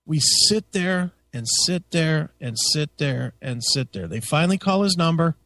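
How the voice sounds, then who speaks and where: A man hosting a radio talk show, telling a story in a casual, profane and animated way. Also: on the high side, measured pace. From United States. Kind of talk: casual chat.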